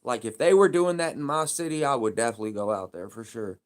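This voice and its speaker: A man's voice: medium pitch, expressive, fast. A man live streaming, talking in a casual, heated and profane rambling rant.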